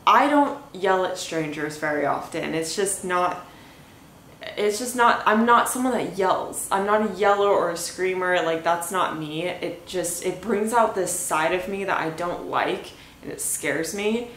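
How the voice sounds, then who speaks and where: A woman's voice: on the low side, a little slow, few pauses, fairly bright tone. A young woman hosting a podcast, telling a story in a casual rambling way, full of "like" and "anyway". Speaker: podcast host. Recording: echoey room with faint hiss.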